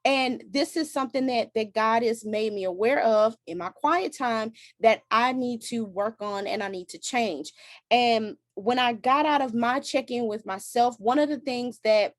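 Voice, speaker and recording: A woman's voice: on the high side, unhurried, dry recording, clean studio sound. A woman hosting a faith-based advice talk, earnest and candid, often restarting her sentences. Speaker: host.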